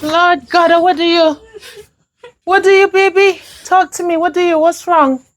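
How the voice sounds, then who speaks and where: A woman's voice: high-pitched, unhurried. A woman playing a fiery Jamaican mother. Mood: concerned. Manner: emphatic, animated, scolding and comforting. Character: protective older Jamaican mother. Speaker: actor in a film. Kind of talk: patois film dialogue.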